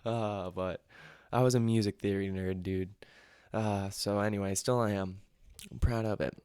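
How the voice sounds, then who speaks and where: A man's voice: on the low side, steady tone, normal speed, darkish tone, clear, resonant tone, no room sound, studio quality. A young man hosting a podcast from home, rambling and swearing freely as he tells a comic party story. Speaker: podcast host. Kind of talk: comedic storytelling. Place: home room.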